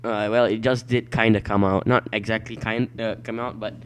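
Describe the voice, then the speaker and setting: A man giving let's play commentary at his computer, excitable and quick to shout and swear at the game. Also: lowish voice, clean tone. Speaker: gameplay commentator.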